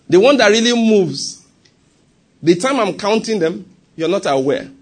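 A man with a Nigerian accent preaching a sermon, animated, with laughing asides and softly acted prayers. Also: high voice, slow pace, slightly rough.

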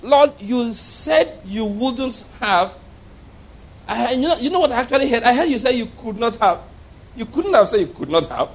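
A man voicing a bewildered man who insists his ears are failing, protesting in excited disbelief. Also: very high voice, moderate pace, pitched above the performer's own voice, exaggerated voice. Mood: incredulous.

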